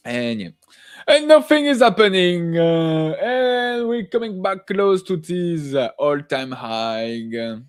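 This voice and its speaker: High-voiced man rambling over market charts. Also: lively intonation, slow pace. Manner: rambling, self-correcting, humming "ta ta ta" while watching charts. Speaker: live trading show host. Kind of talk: casual live-stream market commentary.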